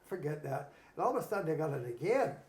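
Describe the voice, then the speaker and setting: A man from Canada, casually telling animated stories and acting out the quotes. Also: fairly high pitch, fast talker. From Nanaimo, Canada. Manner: animated anecdotes, acts out quotes. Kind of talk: casual storytelling. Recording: roomy echo.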